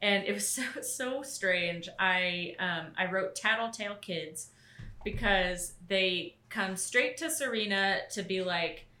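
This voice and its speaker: A woman co-hosting a podcast, casually recapping an anime episode, blunt and quick to laugh. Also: mid-range voice, bright, forceful tone, echoey room. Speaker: podcast co-host.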